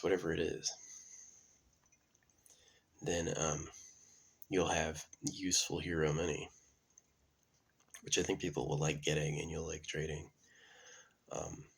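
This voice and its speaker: Low gravelly man rambling. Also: flat delivery, a little slow, long pauses. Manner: meandering, many fillers and restarts. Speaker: channel host. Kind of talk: casual rambling monologue.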